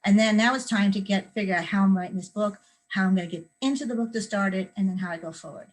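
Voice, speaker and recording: Teaching creative writing to children, this middle-aged author runs a young writers' workshop where she acts out scenes, complete with sound effects and screams, to demonstrate adding detail. She speaks quickly and lively in a medium pitch on a low-quality recording.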